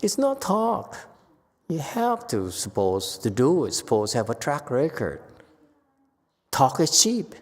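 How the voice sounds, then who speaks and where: A man teaching Buddhism in a relaxed, conversational way, his voice sitting at an ordinary middle pitch. He breaks into animated bursts and often restarts his sentences. A long reverb from the temple hall trails each phrase. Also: unhurried. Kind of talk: informal dharma lecture.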